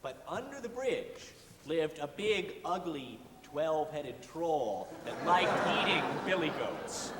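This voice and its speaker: A man narrating a fairy tale in a measured storybook manner at a live stage show. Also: fairly high pitch, very animated. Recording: echoey hall, distant mic, audience noise.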